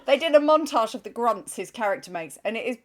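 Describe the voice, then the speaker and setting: Chatty woman interviewer, bright and bouncy, giggles a lot. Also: fairly high pitch, animated, quick pace. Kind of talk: casual comedic chat on a live stream.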